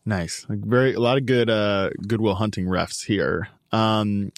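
A man's voice: on the low side, steady tone, unhurried, no room sound, studio quality. A man co-hosting a casual sports chat, giving rambling, hedged opinions. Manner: rambling, hedging opinions with "like" and "I think". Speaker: podcast co-host.

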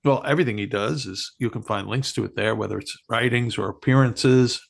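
A man's voice: medium pitch, vocal fry. A man cohosting a podcast, speaking casually with many fillers and restarts. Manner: halting, filler-heavy.

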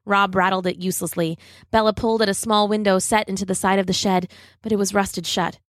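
Woman, children's story read aloud, steady dramatic narration, dry close sound. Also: mid-range voice, fairly quick, no room sound.

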